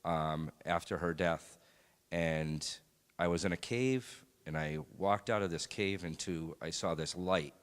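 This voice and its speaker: A man sharing a personal faith testimony in a church, speaking in a halting, reflective way with many pauses and fillers. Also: sits low, clean tone. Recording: long hall reverb.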